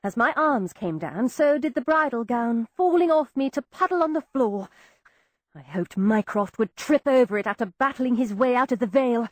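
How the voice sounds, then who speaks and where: Woman audiobook narrator, higher voice with lively swings, dry close mic. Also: normal speed, no room sound. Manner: expressive, wry storytelling. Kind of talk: scripted first-person narration.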